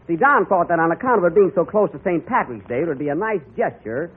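Brief: middle-aged male comic host, high and wildly swooping, tinny old radio sound. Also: fast, breathy edge. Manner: exasperated, deadpan comic timing. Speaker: comedy show host. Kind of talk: scripted radio comedy banter.

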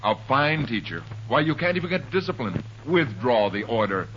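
A man's voice: mid-range voice, sing-song, normal speed, close to an everyday voice. An actor playing a cocky, wisecracking grown man in an old radio comedy, with a cheeky, mocking delivery. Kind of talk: 1930s radio comedy acting. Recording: muffled old radio recording with faint hiss.

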